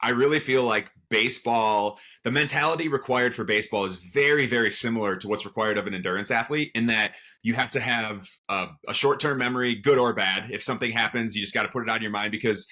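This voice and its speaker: A man's voice: mid-range voice, fast talker, few pauses, bright, forceful tone. A man speaking as a podcast guest in casual chat, sharing reflective, earnest opinions.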